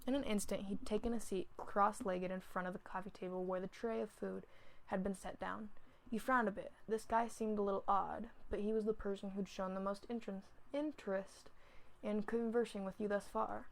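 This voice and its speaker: A woman's voice: medium pitch, gravelly, rough recording. A woman casually reading fanfiction aloud at home, often stumbling over and correcting words. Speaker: fanfiction reader.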